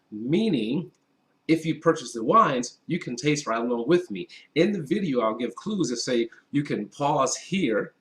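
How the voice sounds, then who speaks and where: A man's voice: mid-range voice, fairly bright tone. A chatty man in the middle of his voice range runs a casual wine tasting at a table indoors. He talks straight to the viewers, upbeat and easygoing. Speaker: wine reviewer.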